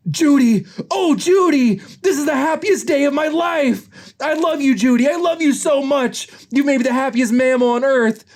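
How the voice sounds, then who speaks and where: Man reads a sly male fox: drawling, swooping pitch, comic reading. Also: animated, slow, mellow. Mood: gushing. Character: sly male fox, sleepy then giddy.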